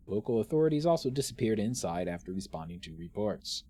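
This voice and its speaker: A man's voice: lowish voice, big pitch swings, moderate pace, dark tone, breathy edge. A man streaming a game live, joking animatedly and reading game text aloud. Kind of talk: live let's play commentary.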